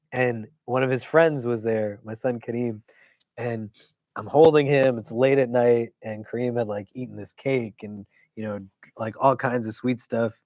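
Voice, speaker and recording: A man, an imam, teaching a weekly religious class in a casual, conversational way. He keeps checking in with his listeners and tells stories with quick asides. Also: mid-range voice, no room sound. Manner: conversational, keeps asking "do you know?"; animated storytelling with quick asides.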